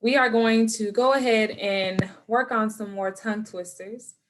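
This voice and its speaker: A woman teacher recording a lesson for her students at home, patient and encouraging, slowing down to model words clearly. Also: mid-range voice, steady tone, slight background noise.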